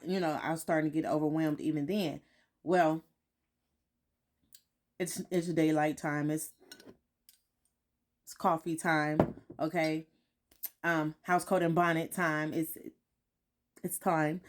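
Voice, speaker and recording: A woman's voice: deep voice, flat delivery, slow, long pauses. A woman vlogging at home in a candid, reflective way, often repeating herself and checking in with "right?". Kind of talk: casual reflective talk to followers. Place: home, morning.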